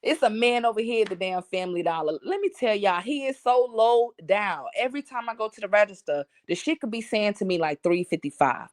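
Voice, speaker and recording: A woman live-streaming in casual chat, telling profane, animated stories and talking to her viewers. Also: medium pitch, fairly quick, few pauses, no room sound. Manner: talks to chat and reads comments aloud.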